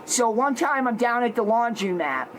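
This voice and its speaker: A man telling a story loudly and dramatically, acting out shouts and growls. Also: very high voice, big pitch swings, moderate pace, a little hiss or hum, low-quality recording. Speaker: social media personality. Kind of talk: animated storytelling.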